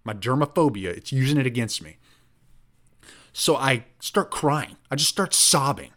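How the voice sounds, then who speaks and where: A man's voice: mid-range voice, normal speed. Guy hosting a podcast, chatty and rambly, says like a lot, all worked up telling a story. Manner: rambling, animated, heavy use of "like". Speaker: podcast host. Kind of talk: casual storytelling chat.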